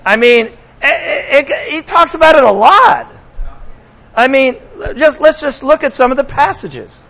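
A man's voice: very high voice, very animated, a little slow, creaky, fairly bright tone, rough recording. A man preaching a sermon as pastor, talking conversationally to his congregation and slipping in sarcastic asides.

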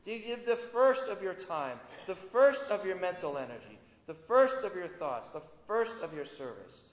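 In a dull, lo-fi recording made in an echoey hall, a male pastor with a high-sitting, very animated voice preaches at a moderate pace. He keeps his sermon conversational, often putting rhetorical questions to the crowd.

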